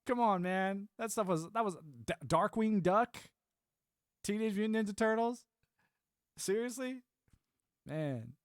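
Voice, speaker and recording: Man, 30s, live stream chat, rambly, laughs a lot, higher voice, dry close sound. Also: unhurried, long pauses, no echo. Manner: rambling, laughs often, animated swings.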